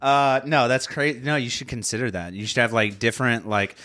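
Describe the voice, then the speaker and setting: Podcast host, man, bright tense tone, mid pitch, dry joking interjections. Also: fairly even intonation, fairly quick. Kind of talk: casual podcast chat.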